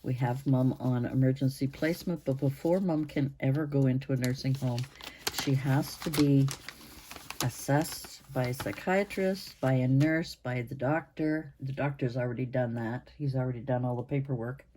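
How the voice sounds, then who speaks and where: A woman in her sixties hosting her own channel, chatting to camera in a rambling way with pauses and restarts, her voice hoarse and interrupted by coughs. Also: extremely low pitch, steady tone, warm tone, a little hiss or hum. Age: 60s. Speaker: channel host. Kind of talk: casual chat to camera.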